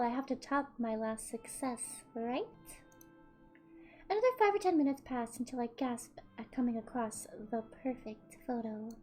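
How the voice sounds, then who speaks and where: Girl doing a smug creepy psycho girl voice, low and hushed, reading a visual novel, high pitch. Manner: cold, smirking, low and quiet delivery. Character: smug psychopathic young woman who fakes deaths.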